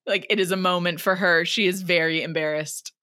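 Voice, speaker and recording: A woman's voice: lowish voice, fairly even intonation, a little fast, bright, forceful tone, clear, resonant tone. A woman co-hosting a podcast, chatting animatedly as she retells a book chapter. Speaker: podcast co-host. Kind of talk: casual chat recapping a book.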